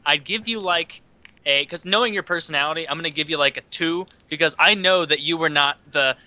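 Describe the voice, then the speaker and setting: A man on a podcast giving a wry, measured, mock-formal judgment in casual chat. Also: fairly high pitch, pushed and bright, no echo. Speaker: podcast co-host.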